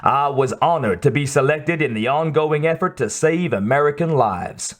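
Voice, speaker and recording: A man's voice: on the high side, expressive, normal speed, lightly acted. A man voicing a drawling Texan army sergeant. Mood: earnest. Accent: Texan drawl, put on. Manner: earnest, promotional. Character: Texan male soldier model in a promo video.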